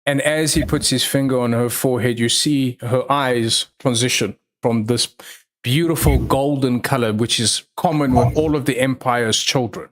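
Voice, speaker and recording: A man narrating a tabletop role-playing game as game master, telling the scene slowly with pauses. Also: mid-range voice. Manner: slow, measured storytelling with pauses. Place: online livestream.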